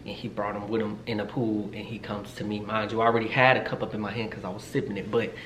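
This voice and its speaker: A man in his twenties telling a story in a casual vlog, chatty and animated, swearing freely and joking around. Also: on the low side, quick pace. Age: 20s. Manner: chatty and animated, swears a lot, jokes and teases. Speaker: vlogger. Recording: roomy echo, faint noise.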